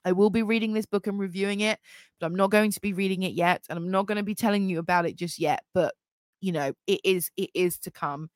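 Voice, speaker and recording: A woman's voice: medium pitch, fairly even intonation, quick pace, dry recording. Chatty, gushing woman podcaster, dry sound. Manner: gushing, chatty, frequent fillers. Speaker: podcast host. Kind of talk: casual solo podcast chat.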